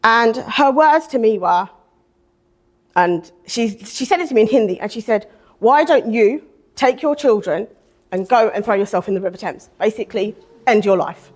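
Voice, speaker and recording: A middle-aged woman shares a personal story with a live audience. Her voice sits somewhat high, and she jumps up much higher whenever she acts out what others said to her. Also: moderate pace. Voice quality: expressive, swings into high animated quotes. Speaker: speaker at a women's day event.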